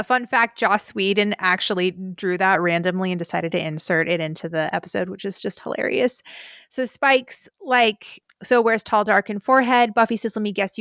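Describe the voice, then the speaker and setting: A woman's voice: mid-range voice, creaky, fairly bright tone, no room sound, studio quality. A woman co-hosting a podcast, chatting casually and animatedly as she recaps scenes and reads out lines. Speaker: podcast co-host.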